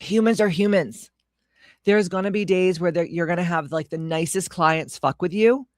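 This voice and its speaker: A woman's voice: fairly low pitch, normal speed, a little mellow, dry recording. A woman business coach delivers a solo podcast talk in a dry, close-miked sound. She is blunt and emphatic, swears without a second thought, and drives her points home by stacking them in lists.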